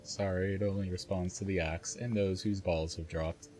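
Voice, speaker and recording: A man's voice: deep voice, steady tone, normal speed, warm tone, faint music behind. A man streaming a video game, giving chatty, casual commentary, often laughing and swearing. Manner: chatty, laughs at his own jokes, swears.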